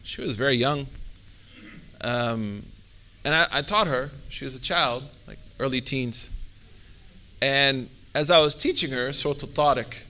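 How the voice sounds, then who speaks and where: A man's voice: mid-range voice, a little slow, pauses often, pushed and bright. A man, an Islamic teacher, giving a conversational religious talk, full of fillers and sprinkled with Arabic phrases.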